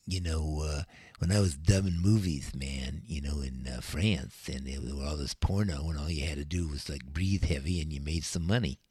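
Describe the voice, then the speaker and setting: An older man spins records and talks between them in a low, husky voice. His chat is laid-back and rambling, full of fillers. The sound is close and dry, right on the studio mic. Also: moderate pace, dark tone, no room sound. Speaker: radio DJ. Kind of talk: casual radio chat.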